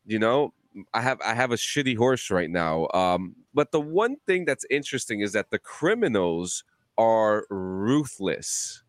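A man in casual chat, telling a lively story full of swearing and acted-out voices. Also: mid-range voice, moderate pace, no echo. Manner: animated storyteller, swears a lot, acts out voices.

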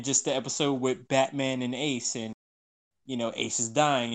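Man, podcast guest, excitable and emotional, laughs a lot. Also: medium pitch. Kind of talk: casual podcast chat.

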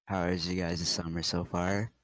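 A man's voice: deep voice, little pitch movement, moderate pace, a bit bright, no echo, low-quality recording. A teenage boy hosting a podcast with friends, joking around in laid-back casual chat. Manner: laid-back, joking, says "bro" and "dude" a lot. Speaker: podcast host.

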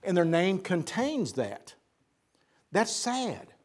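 A man's voice: sits high, wildly swooping pitch, slow. An older man who is a pastor, preaching a sermon to his church in an earnest way, often repeating words as he lists points. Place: church sanctuary.

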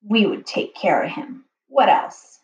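A woman's voice: mid-range voice, sing-song, a little slow, distant mic. A woman voicing a nervous grown man, a thief's sidekick with a quivery way of talking. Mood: jittery. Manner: quivery, jittery. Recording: dull, roomy home recording.

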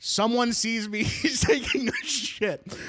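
High-voiced young man telling a comic story. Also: slow pace. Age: 20s. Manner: animated, laughs mid-sentence, swears freely. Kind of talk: casual comedic storytelling.

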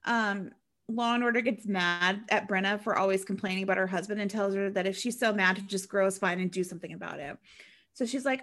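A woman co-hosting a casual podcast, recapping a movie plot in a chatty, animated way with sarcastic asides. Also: medium pitch, fairly quick. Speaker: podcast co-host recapping a film. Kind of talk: casual chat.

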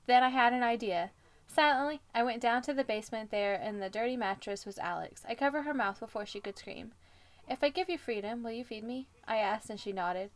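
A woman co-hosting a podcast, reading fan fiction aloud with commentary and jumping up in pitch for the quoted lines. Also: fairly quick. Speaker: podcast co-host.

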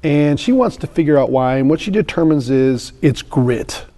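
Casting: a man in his fifties, a podcast guest with a mellow, slightly high voice, an animated storyteller. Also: moderate pace. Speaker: guest sales trainer.

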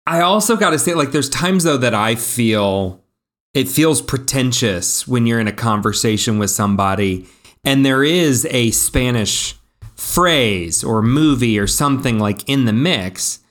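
A man's voice: medium pitch, expressive, a little slow, fairly bright tone. A man in his thirties co-hosting a podcast, rambling through anecdotes in casual chat with lots of likes and restarts. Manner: rambling storyteller, many fillers and restarts. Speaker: podcast co-host.

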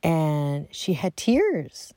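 A middle-aged woman casually telling a personal family story, chatty and animated, acting out quotes and dropping into soft asides. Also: sits low, drawn-out words, dry recording.

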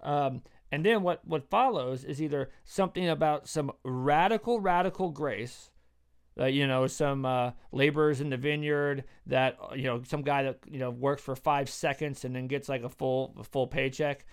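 A man in casual discussion explaining Bible parables, animated and full of fillers, acting out quoted voices as he goes. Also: medium pitch, normal speed, clear, resonant tone.

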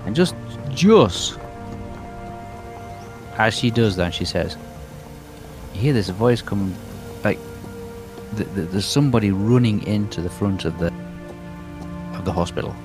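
Brief: man running a tabletop game, lively pitch, rambling, music behind. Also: unhurried, pauses often. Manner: rambling, many fillers. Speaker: game master.

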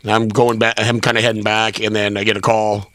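A man's voice: fairly low pitch, completely flat delivery, brisk, fairly bright tone, no room sound. A man casually co-telling a bar story, wryly adding corrections and details. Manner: wry, chiming in with corrections.

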